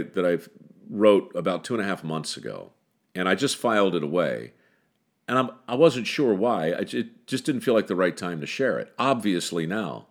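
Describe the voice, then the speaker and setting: A man who hosts a podcast, telling a story with dramatic pauses and then chatting about it in a wry, casual way. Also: low-pitched. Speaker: podcast host.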